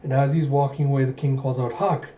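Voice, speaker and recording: A man's voice: medium pitch, flat delivery, fast, warm tone. A young man casually narrating a manga read-through, chatty and loose as he recaps. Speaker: manga reader, video host. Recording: dull roomy home recording.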